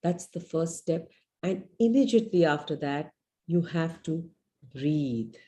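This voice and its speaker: A woman's voice: low voice, animated, unhurried, warm tone, slight background noise. A middle-aged woman teaching a live webinar as a parenting coach. She talks earnestly, guides listeners through a visualization, and often checks in with "you know" and "right?".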